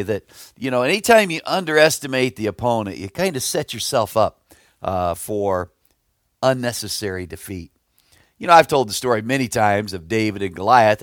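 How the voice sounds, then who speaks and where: A man's voice: medium pitch, a bit bright, no room sound, studio quality. A middle-aged man preaching a devotional sermon, earnest and emphatic, with folksy asides and stories. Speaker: pastor.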